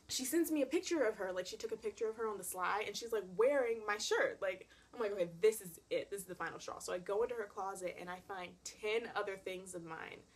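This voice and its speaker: This young woman vlogs a personal story with lots of drama and a heavy sprinkling of "like." Her medium-pitched voice has a breathy edge, and she stays casual and animated throughout.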